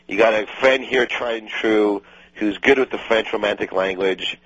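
A man's voice: fairly low pitch, normal speed, fairly bright tone, dull audio, slight background noise, lightly acted. A man playing a pushy, boastful friend who shows off his schoolboy French in a scripted radio comedy. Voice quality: smug, teasing, self-assured. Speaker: eager friend offering to translate.

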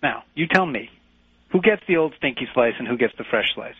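A man rants in long, insulting tirades, bossy and full of himself. His voice sounds a little husky. The recording is dry and thin, like a phone line. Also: medium pitch, expressive, fairly quick, no room sound. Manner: brash, insulting, rambling tirades. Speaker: comedian pushing a Brooklyn accent. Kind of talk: improvised comedy sketch.

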